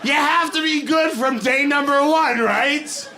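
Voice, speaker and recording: A young adult man from Boston, speaking with a Boston accent, performs a stand-up set on a comedy stage in front of a live audience. His voice is very high-pitched and unhurried, and he tells stories animatedly, acting out other people's lines and voices. Background noise can be heard.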